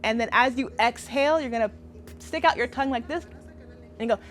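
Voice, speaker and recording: A woman's voice: a little high, fairly quick, slight background noise. A woman leading a workshop outdoors as a community educator, upbeat and playful, often laughing as she guides a group. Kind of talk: friendly workshop instruction.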